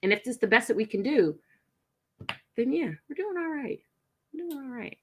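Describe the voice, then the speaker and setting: Woman coach hyping everyone up, super bright sharp voice, emphatic. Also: high-pitched, moderate pace, husky. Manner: energetic, emphatic, animated. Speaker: guest coach. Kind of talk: motivational pep talk.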